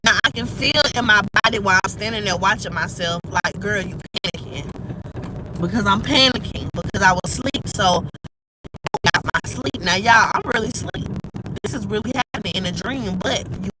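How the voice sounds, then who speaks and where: A woman's voice: medium pitch, fairly quick. A woman telling a story to her viewers in a chatty, emphatic way, swearing freely, talking into a phone from a moving car. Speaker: livestream host. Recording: loud car noise behind voice.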